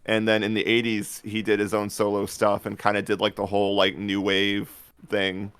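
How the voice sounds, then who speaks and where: Low, smooth-voiced man chatting on a podcast. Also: normal speed, dry recording. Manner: rambling, animated storytelling with laughs. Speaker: podcast co-host. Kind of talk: casual chat.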